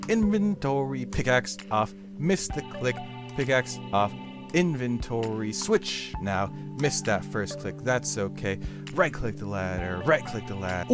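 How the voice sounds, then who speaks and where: A man hosting a gameplay video, rambling with absurd jokes and calling the listener dude. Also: medium pitch. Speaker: gaming video host.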